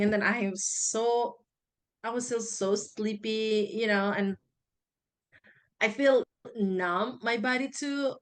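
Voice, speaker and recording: A woman's voice: on the high side, steady tone, slow pace. A woman, recounting her own story as a guest in a casual, rambling way with many fillers and restarts. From Indonesia.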